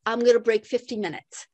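An older woman, a podcast guest, telling a story in an animated way with frequent laughs and acted-out dialogue. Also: a little high, moderate pace, no room sound. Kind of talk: storytelling interview.

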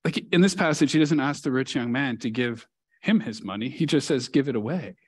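A man's voice: mid-range voice, brisk, slightly rough. A male pastor preaching a sermon in a church, telling a story earnestly and leaning hard on key words. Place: church sanctuary.

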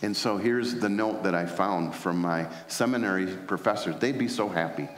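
A man's voice: deep voice, moderate pace. A man preaching a sermon as pastor, telling stories with frequent fillers and restarts. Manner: storytelling, many fillers and restarts. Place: large church sanctuary. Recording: echoey church hall.

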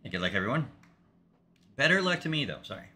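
A man streaming a racing game, chatting casually with halting, rambling restarts and a joking manner. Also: medium pitch, sing-song, bright, forceful tone. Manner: jokey, talks to himself and chat. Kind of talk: casual gameplay commentary.

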